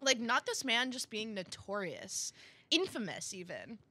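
A young woman banters playfully and pokes fun at herself. Her tone is bright and forward, recorded close and dry. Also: fairly high pitch, very animated, a little slow, dry recording. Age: young adult. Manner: playful, self-mocking banter. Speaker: podcast co-host. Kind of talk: casual chat.

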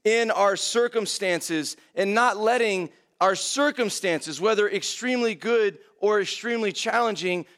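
A man's voice: sits high, a bit bright. A young man preaching a casual verse-by-verse sermon, talking conversationally and filling with "man" and "like". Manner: conversational, many fillers like "man" and "like". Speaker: pastor.

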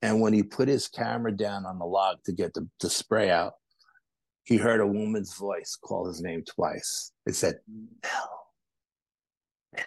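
A man, a podcast guest, telling animated stories in a casual interview and acting out other people's quotes. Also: lowish voice, moderate pace, vocal fry, no room sound. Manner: animated anecdotes with acted-out quotes. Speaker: podcast guest, paranormal investigator.

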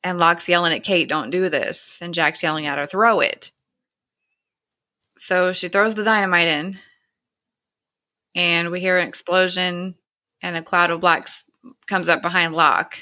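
A woman's voice: lowish voice, steady tone, normal speed, sharp tone. A woman casually retelling a TV episode scene by scene, quoting the characters with "he's like" and "she's like". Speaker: show recapper.

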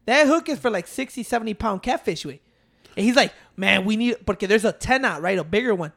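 A man's voice: high voice, expressive, quick pace, gravelly, fairly bright tone. A young man, telling brash, profane stories in casual chat with a friend.

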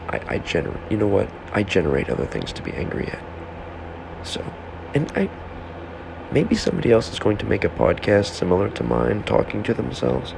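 Gravelly low-voiced man rambling solo. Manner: self-interrupting, heckles himself. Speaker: solo podcast host. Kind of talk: rambling monologue to himself. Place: home room with a fan. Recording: background fan hum.

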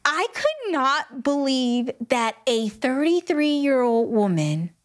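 Animated high-voiced woman telling stories. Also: takes it slowly. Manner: animated storyteller, acts out quotes, laughs often. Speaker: book podcast co-host. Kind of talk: casual chat.

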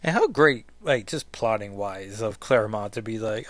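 A man's voice: lowish voice, expressive, moderate pace, few pauses, fairly bright tone, dry recording. A man hosting a podcast, chatting casually and second-guessing himself while commenting on a comic book. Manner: chatty, self-questioning, with fillers. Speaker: podcast host.

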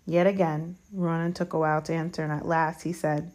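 Low-voiced woman reading a story aloud. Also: flat delivery, fairly quick, hardly any pauses, a little mellow. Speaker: audiobook reader. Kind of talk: storybook narration.

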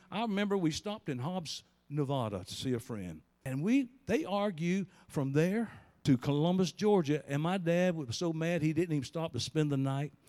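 Lively high-voiced preacher. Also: male voice, in a large hall. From Southern US. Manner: storytelling preacher with big swings in pitch and volume. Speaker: pastor. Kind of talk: sermon.

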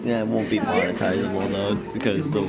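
A young man co-hosting a podcast, talking in a flat, tired way. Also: fairly low pitch, fairly quick, over loud music. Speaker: podcast co-host. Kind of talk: casual chat.

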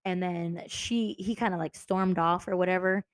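A woman's voice: fairly low pitch, steady tone, normal speed, no room sound. A woman co-hosting a casual book podcast, recapping the story with laughter and acting out the characters. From Texas. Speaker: podcast co-host.

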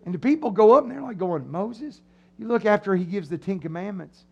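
High-pitched animated male preacher. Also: quick pace, creaky, breathy edge, lo-fi sound. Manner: animated, acts out voices of the crowd. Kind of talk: sermon. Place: church sanctuary.

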